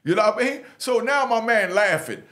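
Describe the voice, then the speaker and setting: Expressive and brisk, the middle-aged storyteller from New York, with his Jamaican New York accent, describes prison life in street slang peppered with "you know what I mean." He performs other voices, making them low and soft.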